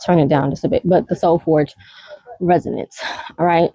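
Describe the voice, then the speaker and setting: A woman's voice: fairly low pitch, steady tone, normal speed, mellow, no echo, rough recording. A woman vlogger in casual chat, rambling and laughing often between many fillers.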